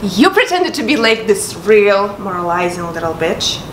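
An actress playing a drama student who rehearses a vulgar, contemptuous rant slowly. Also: female voice, big pitch swings, natural voice. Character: seething young woman ranting in a drama scene. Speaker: acting student. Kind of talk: vulgar performed monologue. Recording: echoey room with rumble.

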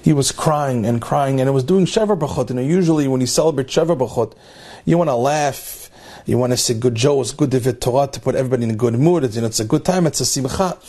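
A man's voice: medium pitch, fast talker, dark tone, slightly rough. A man giving a Torah class, telling a story emphatically, repeating phrases for effect and mixing Hebrew terms into his English. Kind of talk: storytelling religious lecture.

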